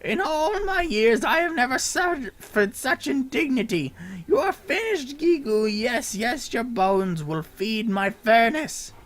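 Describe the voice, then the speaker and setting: A man's voice: very high voice, animated, takes it slowly, a bit bright, pitched above the performer's own voice, exaggerated voice. A man voicing a pompous, menacing male kobold boss who stacks his threats in theatrical lists.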